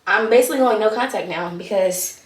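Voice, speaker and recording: A woman's voice: mid-range voice, a little fast, roomy sound, far from the mic. A young woman in her early twenties candidly telling a personal story in a casual vlog, acting out both sides of the conversations. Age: young adult. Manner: candid, animated retelling with quoted dialogue. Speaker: vlogger.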